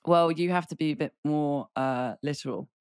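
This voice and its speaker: An English woman in her thirties with a low, relaxed speaking voice, chatting casually on a podcast. Her talk rambles with fillers and dry, teasing humour. The sound is close and dry, with no room around it. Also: moderate pace, clear, resonant tone, no echo. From England. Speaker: podcast co-host, golf broadcaster. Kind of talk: casual chat.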